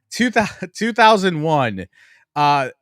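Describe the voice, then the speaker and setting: A man in his forties from Buffalo, New York, guests on a sports talk podcast, telling long, profane stories with self-mocking humor in a casual sports chat. His voice is on the high side and sing-song, very slow, with clean studio sound and no echo.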